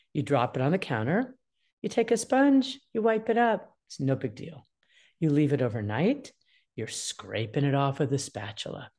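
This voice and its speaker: Animated middle-aged woman speaker and author, talks to an audience and acts out parent and child lines. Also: sits low. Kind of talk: talk to an audience.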